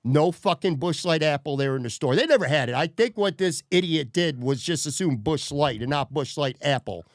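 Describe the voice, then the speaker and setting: A man's voice: a little high, animated, moderate pace, few pauses, dry recording, clean studio sound. A man hosting a podcast, telling a story in a profane, worked-up way. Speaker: podcast host. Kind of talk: casual podcast rant.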